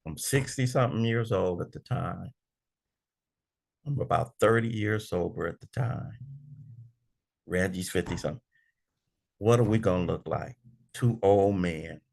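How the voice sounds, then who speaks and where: An older man in his sixties leads a recovery group study with a low, gravelly voice. He talks like a preacher and acts out both sides of his own family arguments. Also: measured pace, pauses often. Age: 60s. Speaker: recovery meeting speaker. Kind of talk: animated big book study talk.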